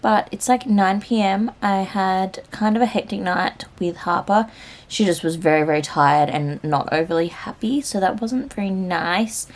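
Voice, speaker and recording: A woman's voice: mid-range voice, normal speed. A young woman vlogging in a casual, rambling chat to camera, filling her talk with "like". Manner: chatty, rambling, full of "like" fillers.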